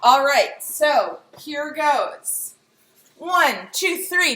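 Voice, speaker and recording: A woman's voice: sits high, big pitch swings, extremely slow, echoey room, background noise. A woman showing a bread recipe in her home kitchen, chatty and giggly as she talks through each step. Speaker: home baker demonstrating a recipe. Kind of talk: casual cooking demonstration.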